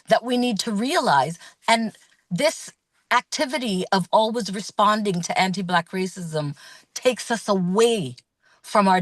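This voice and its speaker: A woman speaking as a guest in an earnest, measured, thoughtful way. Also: medium pitch, no room sound. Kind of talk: reflective talk.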